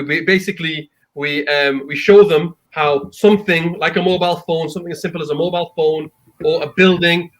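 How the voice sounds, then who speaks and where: Male host, casual chat, upbeat and encouraging, slightly high voice. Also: a bit bright, poor audio. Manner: upbeat, encouraging, lots of fillers.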